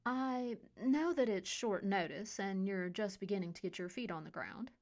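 A woman's voice: mid-range voice, normal speed, darkish tone, lightly acted. A woman voicing a cold, scheming male resort boss with a Californian accent, smug and detached. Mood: cool. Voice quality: icy, detached. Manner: smug, menacing, mocking. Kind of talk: audiobook character voice.

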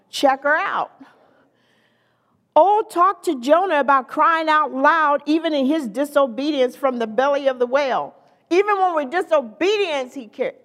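A woman preaching a sermon in a lively, conversational way, with playful asides to the congregation. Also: high voice, big-room sound.

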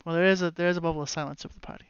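A game master narrating a tabletop game, halting and full of restarts. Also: medium pitch, steady tone, highs cut off.

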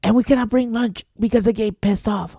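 A man's voice: high-pitched, fairly even intonation, fairly quick, vocal fry, mellow, no echo, studio quality. A man from New Jersey hosting a solo podcast, ranting in an exasperated, profane way and firing off rhetorical questions. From New Jersey, USA. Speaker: podcast host. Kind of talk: casual solo podcast rant.

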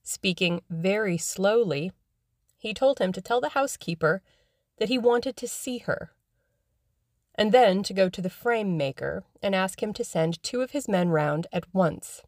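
A woman narrating a classic novel in a measured, even way, as scripted audiobook narration. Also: mid-range voice, no echo, clean studio sound.

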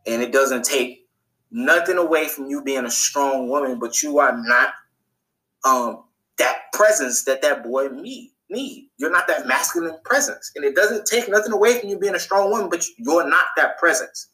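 A podcast host recaps a TV episode in a casual, colloquial monologue, repeating phrases for emphasis. He's animated and acts out characters' lines in a higher voice, speaking at a normal pace on a low-quality recording.

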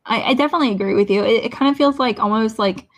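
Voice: medium pitch, rapid-fire, a bit bright. A person co-hosting a podcast in casual movie chat, talking hesitantly with many restarts. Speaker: podcast co-host.

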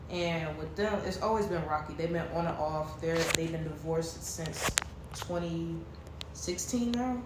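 A woman's voice: sits low, measured pace. Young woman, casual podcast chat, rambling storyteller, very reverberant room, noticeable background noise. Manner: rambling personal storytelling, heavy use of "like". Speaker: podcast co-host.

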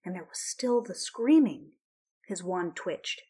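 A woman reading a story aloud in a measured, quiet way. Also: fairly low pitch, lively intonation, husky. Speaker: narrator. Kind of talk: storybook narration of fan fiction.

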